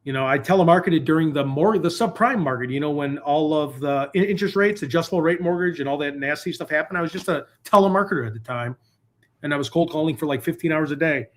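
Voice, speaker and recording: A man's voice: fairly high pitch, fast talker. Rambling, jokey male host. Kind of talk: live call-in stream. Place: hotel room.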